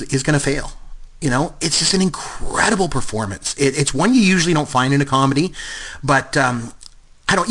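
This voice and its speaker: A Canadian man in his fifties co-hosts a podcast, talking movies in a medium-pitched, slightly rough voice. His chat is loose and rambling yet animated, crowded with fillers and restarts.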